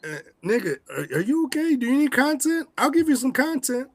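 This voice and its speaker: Animated, profane ranting podcast man. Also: very high voice, a little fast, no echo. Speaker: podcast co-host. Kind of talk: casual comedic rant.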